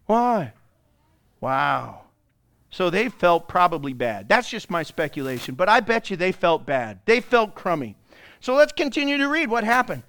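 A man preaching a Pentecostal sermon in a church, animated, dropping into quiet asides and rising into loud bursts as he prods the congregation to answer. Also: high-pitched, measured pace. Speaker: pastor. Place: church sanctuary before a congregation.

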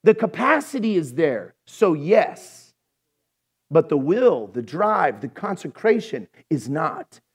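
A man preaching a sermon as pastor, animated, telling folksy jokes between points. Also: on the high side, slow pace, breathy edge.

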